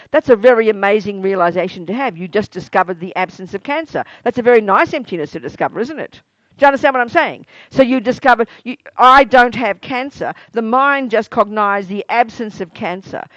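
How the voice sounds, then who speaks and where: A lively, expressive woman gives a spiritual teaching talk as a meditation teacher, her pitch swinging up and down as she keeps checking in with rhetorical questions. She acts out little everyday exclamations to illustrate ideas. The recording is dull and lo-fi, with a close, dry sound. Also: dry recording. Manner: animated, asks listeners many rhetorical questions.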